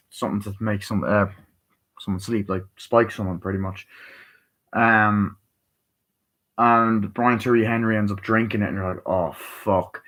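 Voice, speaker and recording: A man's voice: lowish voice, fairly bright tone, low-quality recording. A man giving a casual spoken film review, rambling with lots of fillers and casual swearing. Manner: rambling, swears freely, retells scenes with heavy fillers. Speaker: movie reviewer.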